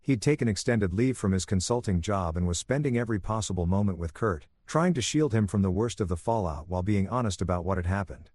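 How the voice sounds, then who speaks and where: Low-voiced man narrating a story. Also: expressive, quick pace, few pauses, a little mellow. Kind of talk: scripted narration.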